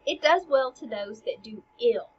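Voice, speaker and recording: A woman reading the lines of a loud, mocking male gravedigger clown in a booming, scornful recitation. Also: lively intonation, a little slow, highs cut off, a little hiss or hum.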